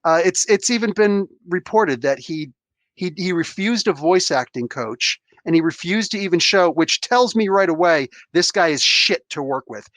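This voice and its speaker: A man's voice: sits high, lively intonation, normal speed, fairly bright tone, no echo. A man hosting a casual podcast chat who rambles with heated, restarting rants. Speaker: podcast host.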